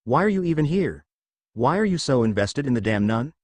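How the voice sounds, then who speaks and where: A man's voice: medium pitch, very animated, brisk, darkish tone, no room sound. Deodora, a man voicing a furious young devil heir. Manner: bellowing, screeching in fury. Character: enraged scheming young male devil heir.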